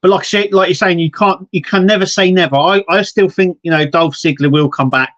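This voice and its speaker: A man's voice: sits high, brisk, fairly bright tone, dull audio. A man co-hosting a casual wrestling podcast, rambling with lots of restarts and quoted asides. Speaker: podcast co-host.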